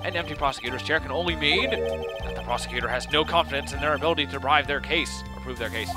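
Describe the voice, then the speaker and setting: A fussy older judge dithers and second-guesses himself, as a man puts him on. The voice is a man's, slightly high. Game music plays clearly behind him. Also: fast talker, lightly acted. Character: older male judge, bumbling and easily swayed. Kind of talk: video game voice-over.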